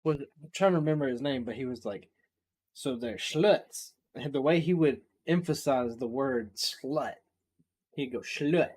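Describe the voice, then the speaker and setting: A man's voice: mid-range voice, moderate pace, darkish tone. A man hosting a reaction video, talking in blunt, mocking, heavily sworn casual commentary and laughing at the clips.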